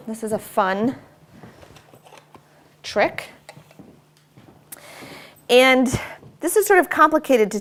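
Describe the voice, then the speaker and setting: A woman dog trainer explaining commands and praising her dog as she works him. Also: medium pitch. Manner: praises the dog warmly and often in a bright raised voice. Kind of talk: instructional dog training demo. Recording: faint background noise with clicker clicks.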